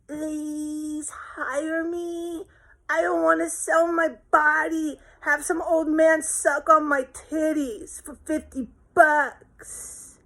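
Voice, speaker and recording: A woman voicing a desperate young woman who begs for help in a tearful, high pleading wail. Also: vocal fry, exaggerated voice.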